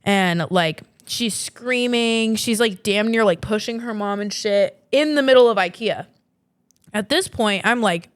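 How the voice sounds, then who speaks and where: A woman's voice: medium pitch, a little slow, smooth, dry recording, clean studio sound. A woman in her twenties, a podcast host, telling a story in a chatty way full of "like" and swearing. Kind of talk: casual storytelling.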